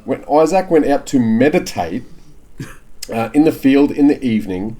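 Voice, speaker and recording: A man's voice: mid-range voice, expressive, moderate pace, mellow. A man co-hosting a podcast, reading scripture aloud and breaking off into swearing, joking asides and laughter. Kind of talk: casual comedic chat with reading aloud.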